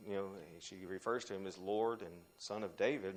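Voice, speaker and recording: A man teaching a Bible study, talking in an animated way with restarts and sudden rises when he quotes scripture. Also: normal speed, few pauses. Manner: animated, frequent restarts, pitch jumps when quoting scripture.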